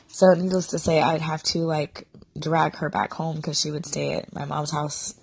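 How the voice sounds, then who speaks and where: A woman speaks in a low, flat, husky voice with gravelly fry, sounding sick and short of breath. She talks sadly and haltingly as a mother confiding a personal story. The recording is close and dry. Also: no room sound. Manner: sad, confiding, halting with fillers. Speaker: podcaster, mother. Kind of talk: personal monologue.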